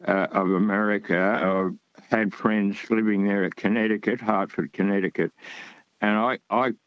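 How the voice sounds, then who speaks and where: A man's voice: on the low side, no room sound, muffled recording. A man from Australia calling in to a radio show, talking in a rambling, hesitant way with many fillers. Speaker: caller. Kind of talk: radio call-in chat.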